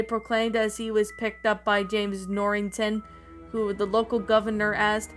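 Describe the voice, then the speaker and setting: A woman's voice: medium pitch, level tone, moderate pace. A woman narrating a creepypasta-style story, reading aloud with frequent stumbles and restarts. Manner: reads with frequent slips and restarts. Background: faint background music.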